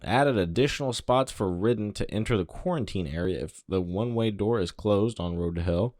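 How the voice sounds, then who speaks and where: A fairly low-voiced man reads through game patch notes in short flat bursts and breaks in with quick offhand remarks. He sounds slightly out of breath. The sound is dry and close, with no room around it. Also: no echo. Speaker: gaming channel host. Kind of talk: reading patch notes with casual commentary.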